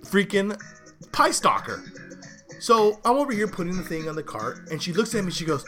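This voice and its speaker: A man's voice: sits high, big pitch swings, fairly quick, bright, forceful tone, faint music behind. A man hosting a show, telling a story in a loose, rambling way with restarts and side remarks. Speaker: show host. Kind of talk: casual storytelling monologue.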